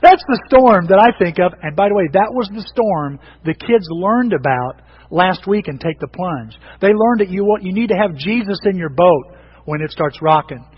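A pastor delivers a lively, conversational sermon with a fairly high, slightly husky voice. He restarts sentences as he goes. The sound is dull and lo-fi. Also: moderate pace, long reverb tail. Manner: animated and conversational, frequent restarts.

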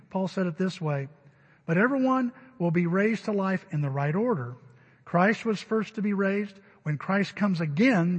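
A male pastor delivers a sermon to his church in a fairly high, husky voice, growing emphatic and loud on key words. The recording is dull, and a long sanctuary reverb trails each line.

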